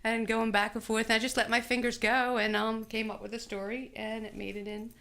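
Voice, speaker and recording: A woman guest on a talk show, chatting casually about her singing, acting and writing, halting and searching for words. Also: fairly high pitch, little pitch movement, sharp tone. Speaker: guest, singer and actress.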